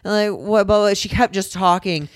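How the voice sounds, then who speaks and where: A woman with a smooth, clear voice tells stories in short, clipped play-by-play bursts and acts out the quoted lines. The sound is close and dry. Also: medium pitch, fairly even intonation, moderate pace, no room sound. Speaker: podcast co-host. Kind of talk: casual chat.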